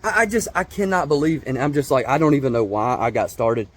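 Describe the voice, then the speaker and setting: A man's voice: medium pitch, expressive, a little fast. A man, ranting casually to camera about rival football fans, stammering and restarting often. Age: 20s. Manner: heated, repetitive, stammering restarts, mocking put-on voices. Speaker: vlogger, Georgia football fan.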